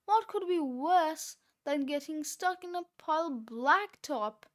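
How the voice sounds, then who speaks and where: A woman reading aloud, voicing a quick-thinking young boy who yells orders. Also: high voice, animated. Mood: wondering. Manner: yelling, urgent.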